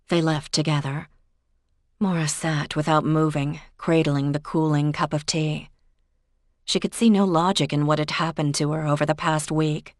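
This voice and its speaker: Woman narrator, audiobook, even steady reading, low voice, dry close recording. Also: moderate pace, no echo. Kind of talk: scripted narration.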